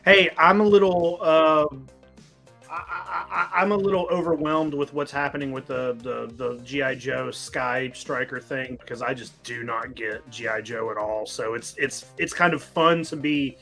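A man's voice: medium pitch, steady tone, moderate pace, gravelly, pushed and bright, soft background music. A man co-hosting a casual podcast, hesitant with stammering restarts. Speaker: podcast co-host. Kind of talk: casual chat.

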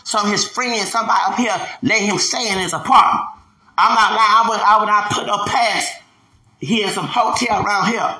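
A man in his forties with a drawl rants on his podcast, emphatic and repetitive, hammering every point home. His voice sits high for a man and rings very bright and sharp. The sound bounces around an echoey room. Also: moderate pace. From Houston, Texas. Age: 40s. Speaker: podcast host. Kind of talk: ranting podcast monologue.

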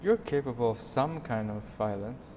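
A man's voice: mid-range voice, moderate pace, dark tone, long reverb tail, slight background noise. A man hosting a podcast, asking teasing, blunt questions in casual conversation. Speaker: podcast host.

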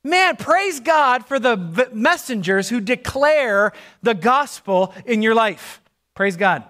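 High-voiced pastor with dramatic hushes. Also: male voice, lively intonation. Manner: dramatic shifts between loud emphasis and hushed near-whisper; slows and stretches key words. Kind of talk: sermon.

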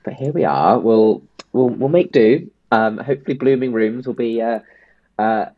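A man's voice: mid-range voice, lively intonation, normal speed, dry recording. A man co-hosting a casual podcast, rambling and hesitant with lots of ums, laughing often. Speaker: podcast co-host. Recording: dull, dry lo-fi sound.

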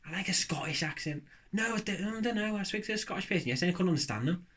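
Young guy, bright lively voice, jokey podcast banter. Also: sits high, very fast. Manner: jokey, laughs often, slips into mock accents. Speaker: podcast co-host. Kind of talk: casual banter.

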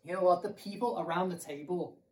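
A man's voice: sits high, a little fast, darkish tone, far from the mic, poor audio. A British man preaching a sermon in a conversational way, asking rhetorical questions and repeating himself.

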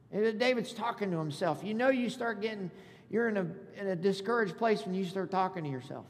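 A man's voice: high voice, quick pace. A male pastor preaching a sermon, emphatic and calling on the congregation to respond. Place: church sanctuary. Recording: reverberant hall.

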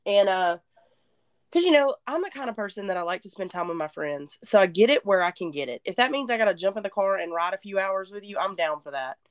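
A woman with a lilt chats with her co-host, spinning a long, self-mocking story. She drawls and gets animated as she goes. Her voice sits in a middle range and sounds close and dry. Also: medium pitch, quick pace, no room sound. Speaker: podcast co-host. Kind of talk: casual chat.

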